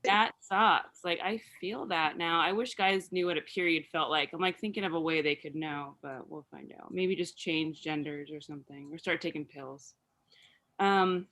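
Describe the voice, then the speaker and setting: Rambling woman comic, bright voice. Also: lowish voice. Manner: rambling, halting, full of fillers. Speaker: stand-up comedian. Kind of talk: stand-up set over video call. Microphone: video call.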